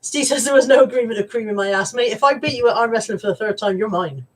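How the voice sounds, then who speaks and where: Her pitch sits fairly high and her pace is quick while she runs a live stream, teasing viewers in loose, laughter-filled chat. The audio comes through a camera mic, recorded from a little way off.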